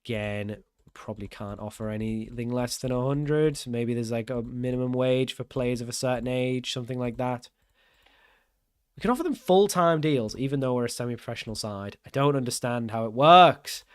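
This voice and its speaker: A young man talks through a management game as he plays, thinking aloud and often puzzled by the rules, poking fun at himself along the way. His voice sits at an ordinary middle pitch, recorded close and dry with no room sound. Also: normal speed, clean tone, dry recording. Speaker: gaming channel host. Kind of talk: casual gameplay commentary.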